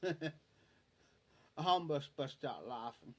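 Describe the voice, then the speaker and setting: A rural Ohio man livestreaming late at night tells a down-home story, chuckling throughout. His slightly high, somewhat bright voice is expressive, and he takes his time.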